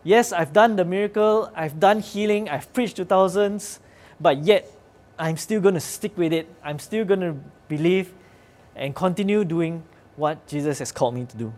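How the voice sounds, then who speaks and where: A man doing a resolute apostle, firm declaration, slightly high voice, sermon retelling. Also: moderate pace, darkish tone, natural voice. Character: the apostle Peter, bold adult man.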